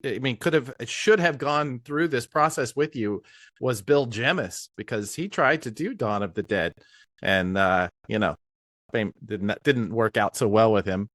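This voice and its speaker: A man's voice: mid-range voice, a bit bright, no room sound. Chatty male podcast host, dry sound. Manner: chatty, laughs along, quick affirmations. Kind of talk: casual interview chat.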